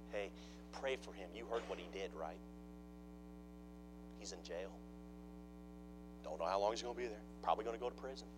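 A man preaching a sermon, dropping to hushed mock-gossip asides and then rising into loud, emphatic preaching. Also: fairly low pitch, poor audio. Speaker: pastor.

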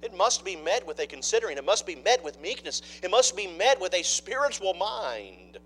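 A man preaching a sermon, dropping to hushed mock-gossip asides and then rising into loud, emphatic preaching. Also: high voice, big pitch swings, normal speed, poor audio. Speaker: pastor.

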